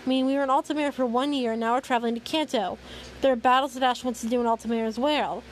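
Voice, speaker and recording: Woman reading a puzzled young traveler, high and plain. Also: steady tone, a little hiss or hum, natural voice, low-quality recording. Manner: read aloud quickly, repeating phrases. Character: puzzled young man questioning plans. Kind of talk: reading fan fiction aloud.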